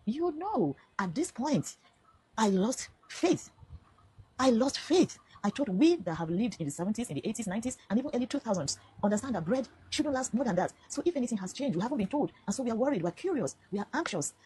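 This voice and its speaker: A woman's voice: on the high side, lively intonation, rapid-fire, few pauses, mellow, husky, poor audio. A middle-aged Nigerian woman with a Nigerian accent, telling her story straight to camera in an impassioned, pleading way. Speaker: social media vlogger. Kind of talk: direct-to-camera personal statement.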